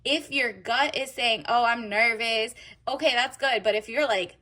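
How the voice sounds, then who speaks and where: A woman's voice: a little high, normal speed, sharp tone. A woman giving a casual tarot reading, chatty and rambling with lots of filler words. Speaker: tarot reader.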